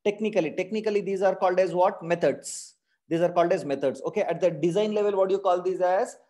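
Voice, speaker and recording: A man's voice: sits high, fast talker, dark tone. A man with an Indian English accent teaching a live online programming class, who keeps quizzing his students with repeated questions and tag questions. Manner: calls his class "my dear friends".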